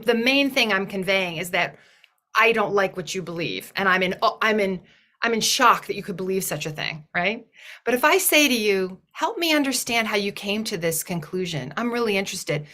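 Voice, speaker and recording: A woman's voice: medium pitch, animated, moderate pace, bright, forceful tone. A woman giving a thoughtful, earnest talk in a webinar, often restarting her phrases as she works through an idea. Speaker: webinar guest speaker.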